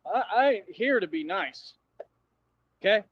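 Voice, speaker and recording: A man's voice: high-pitched, lively intonation, measured pace. A man on a livestream delivering a confrontational, slangy rant at his viewers, repeating himself as he goes. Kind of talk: ranting livestream monologue. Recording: dull dry livestream audio.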